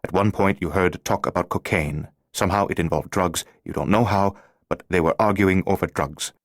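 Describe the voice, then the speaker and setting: A man's voice: deep voice, steady tone, normal speed, no echo, studio quality. A man playing an urgent, secretive male stranger in an audiobook, giving terse instructions.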